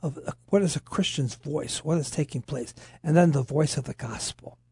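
Gravelly, husky man preaching on radio. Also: fairly high pitch, normal speed, no echo, studio quality. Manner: animated preaching, quotes voices of scripture. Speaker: radio co-host, pastor. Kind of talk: radio Bible talk.

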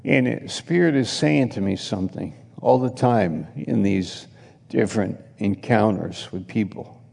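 Slow, gravelly man preaching in a hall. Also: lowish voice, darkish tone. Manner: chatty anecdotal preaching with laughs and acted quotes. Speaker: pastor. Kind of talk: sermon storytelling.

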